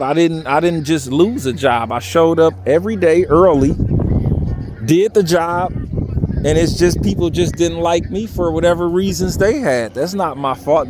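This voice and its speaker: A man's voice: fairly high pitch, background noise. A young man talking candidly in a personal vlog outdoors, earnest and pleading, his voice unsteady from crying. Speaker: vlogger. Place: outdoors by a railroad bridge.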